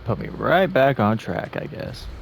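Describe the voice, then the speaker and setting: Man, casual game commentary, quiet muttering to himself, faint background noise. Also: fairly low pitch, lively intonation, measured pace, vocal fry. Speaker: gameplay commentator.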